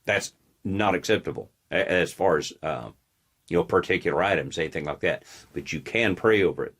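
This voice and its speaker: A man's voice: deep voice, expressive, fairly quick, fairly bright tone. A man hosting his own show, giving a blunt, combative political commentary monologue. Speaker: host.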